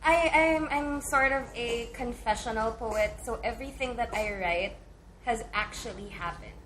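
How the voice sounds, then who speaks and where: High-voiced woman performing spoken word. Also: normal speed, slight background noise. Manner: confessional, intense, builds from hushed to forceful. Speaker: guest poet.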